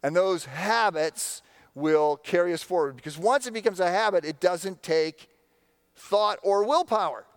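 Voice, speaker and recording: A man's voice: sits high, unhurried, smooth, no echo. A man preaching a sermon in a conversational storytelling way, candid and self-deprecating. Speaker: pastor.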